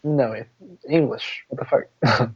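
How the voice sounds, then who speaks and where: A man's voice: medium pitch, slow, husky. A man co-hosting a podcast in casual chat, teasing and laughing often. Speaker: podcast co-host. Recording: dull lo-fi recording.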